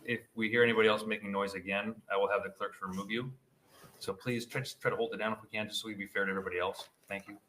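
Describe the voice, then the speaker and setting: A committee chair running a hearing in a brisk manner, with light jokes. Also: sits low, fairly even intonation, sharp tone, a little hiss or hum, poor audio. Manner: brisk, joking.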